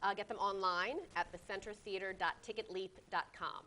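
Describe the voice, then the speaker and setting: Woman guest on a chat show, explaining things, lots of ums, mid pitch voice. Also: fairly even intonation, a little fast, sharp tone. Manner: explanatory, with frequent fillers. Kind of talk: casual interview chat.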